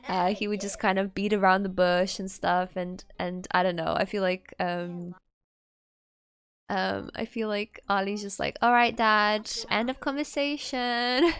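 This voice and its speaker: A woman's voice: mid-range voice, level tone, a little slow, smooth, no room sound. A woman commenting on her life-sim gameplay in a chatty, rambling way, full of fillers and small laughs. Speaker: gaming host. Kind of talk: let's play commentary.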